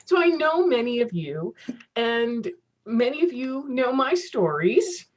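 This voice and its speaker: A woman's voice: on the high side, big pitch swings, takes it slowly. A woman in her fifties giving a casual keynote talk over a video call, chatty and laughing often at herself. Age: 50s. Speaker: keynote speaker.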